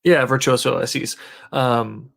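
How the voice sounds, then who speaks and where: Podcast cohost guy, bright sharp voice, chill and chatty. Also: medium pitch, fairly even intonation, a little slow, creaky. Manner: easygoing, loose and conversational. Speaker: podcast co-host. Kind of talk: casual tech podcast chat.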